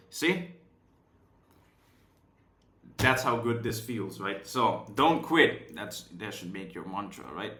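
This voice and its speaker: A young man teaching an online course in a casual, high-energy, profane way, checking in with "right?" over and over. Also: lively intonation, slow, long pauses, sharp tone. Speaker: course instructor. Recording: roomy echo.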